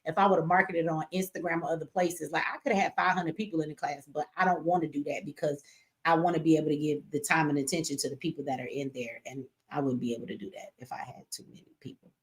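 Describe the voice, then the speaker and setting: A woman's voice: sits low, steady tone, quick pace. A woman hosting a casual live stream from home, chatty and slangy, cussing and reading viewer comments aloud. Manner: chatty, slangy, cusses and laughs often.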